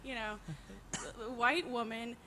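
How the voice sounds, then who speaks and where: A woman's voice: fairly high pitch, fairly even intonation, slow, bright, forceful tone, a little hiss or hum. A woman guest in a casual comedic chat, laughing often and retelling scenes in mock voices. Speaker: podcast guest.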